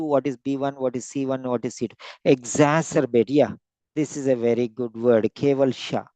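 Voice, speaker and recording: A man teaching vocabulary in an online lesson, slowly repeating and stretching out each word for emphasis. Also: medium pitch, warm tone, no room sound. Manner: slow, repeats words, stretches them out to stress them. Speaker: English teacher.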